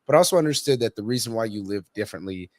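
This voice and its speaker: A man's voice: lowish voice, lively intonation, racing, no echo. A man hosting a casual interview, enthusiastic and friendly with his guest, whom he calls brother. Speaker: podcast host.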